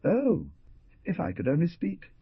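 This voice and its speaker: A man's voice: on the high side, wildly swooping pitch, measured pace, slightly rough, no room sound, phone-quality sound, voice pushed up, full character voice. A man voicing a fiery young outlaw chief. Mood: impassioned. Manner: passionate, indignant outbursts. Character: proud young male outlaw leader, fiery.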